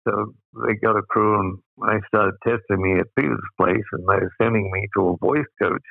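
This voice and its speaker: An Australian guest in his eighties tells rambling anecdotes, chuckling as he goes. His low, gravelly voice has fry, a steady tone, and a moderate pace. It comes over a tinny, phone-like line that sounds dry, with no echo.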